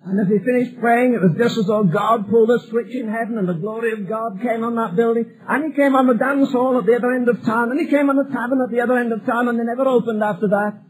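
A man's voice: extremely high pitch, fast, few pauses, rough recording. A male preacher delivering a sermon emphatically, building repeated phrases toward a climax.

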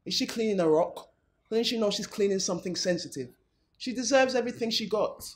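A woman's voice: mid-range voice, fairly quick, a little hiss or hum, natural voice. An actress with a Nigerian accent playing a haughty, rich young woman who scolds her staff with demands. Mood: defiant. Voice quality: scolding, demanding, rising to shouts. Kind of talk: Nollywood film acting.

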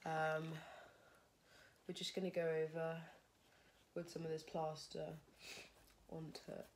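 A woman's voice: low-pitched, little pitch movement, measured pace, darkish tone, a little hiss or hum. A young woman, a fashion design student, chatting casually and thinking aloud while she works on a project, often poking fun at herself. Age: young adult. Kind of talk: casual vlog narration while crafting.

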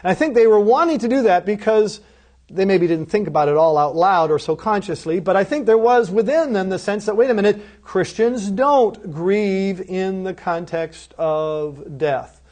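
A man giving a recorded course lecture, emphatic, asking rhetorical questions and answering them himself, slowing down and dropping softly on key phrases. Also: sits high. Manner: slows right down and drops softly on key phrases. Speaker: seminary lecturer.

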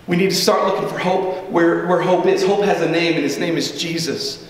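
Male pastor, sermon, earnest chatty delivery, higher voice, reverberant church hall, slightly off-mic. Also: fairly even intonation, normal speed, recorded from a distance. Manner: earnest, conversational preaching with repeated asides. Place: church sanctuary.

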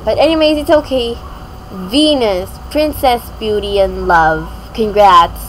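Giggly slow-talking young woman gamer. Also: medium pitch, slight background noise, rough recording. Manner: giggly, rambling, many "and yeah" fillers. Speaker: gaming YouTuber. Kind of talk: casual gameplay commentary.

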